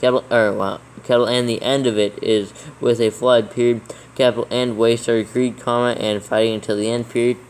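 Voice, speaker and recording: A man reading a text aloud slowly and deliberately, dictating capitals and punctuation marks as he goes. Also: medium pitch, a little mellow, a little hiss or hum, rough recording. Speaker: proofreader dictating scripture.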